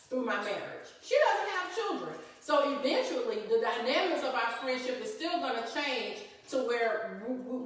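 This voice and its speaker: A woman's voice: fairly high pitch, fairly bright tone, very echoey, recorded from a distance, rough recording. A woman co-hosting a live talk stream, chatting casually and laughing often as she acts out friends' voices. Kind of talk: casual chat to a live audience.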